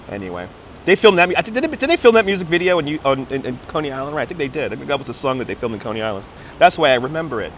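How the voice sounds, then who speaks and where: A man's voice: medium pitch, very animated, racing, a little hiss or hum. A man chatting casually on a livestream as a tour guide, talking playfully into a phone held in his hand outdoors. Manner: chatty, playful, drifts into put-on accents. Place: outdoors in a city park.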